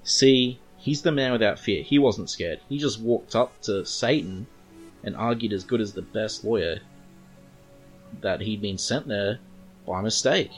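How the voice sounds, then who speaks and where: Casual Australian male comic reviewer, lower voice, faint music underneath. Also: unhurried. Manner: chatty, rambling, reads comic lines aloud.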